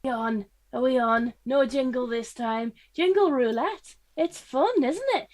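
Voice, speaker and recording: Female co-host, playful banter, slightly high register. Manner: chatty, quick to laugh, playful. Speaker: podcast co-host. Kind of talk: casual chat.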